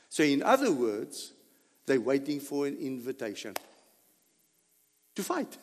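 A man preaching a sermon, animated, asking his audience questions and repeating points for emphasis. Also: medium pitch, unhurried, long pauses, long reverb tail.

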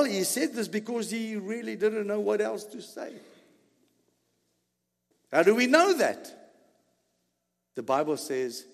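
A man preaching a sermon in a high, swooping voice that climbs and drops freely. He takes his time and fires rhetorical questions at the listeners. His words ring out with the long reverb of a large hall. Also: vocal fry, slightly rough. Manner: animated, rhetorical questions to the congregation.

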